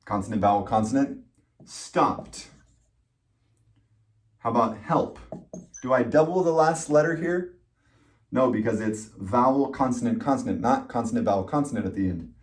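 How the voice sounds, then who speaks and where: A man teaching English pronunciation, speaking slowly and patiently, repeating words and spelling out letters. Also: medium pitch, a little mellow. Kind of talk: slow, deliberate pronunciation lesson.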